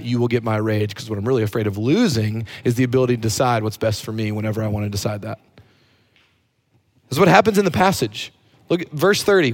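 A man preaching a sermon in an animated way, dropping low and quiet on key phrases. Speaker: pastor.

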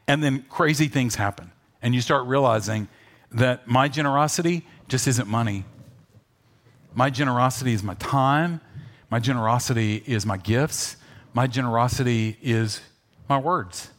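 Animated man preaching. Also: mid-range voice. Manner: animated storytelling, shifts between loud urging and soft asides. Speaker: pastor. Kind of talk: sermon.

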